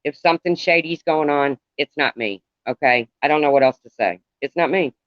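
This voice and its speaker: A middle-aged man talking to viewers on a live stream in a halting, rambling way, calling out commenters by name. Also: a little high, no echo. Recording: dull lo-fi, dry sound.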